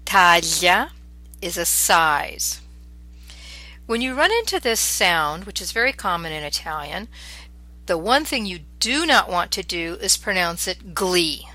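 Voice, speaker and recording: A middle-aged woman teaching pronunciation, slowly and carefully drilling sounds and words. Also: lowish voice, sing-song, pushed and bright. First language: English. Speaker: language teacher. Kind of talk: pronunciation lesson.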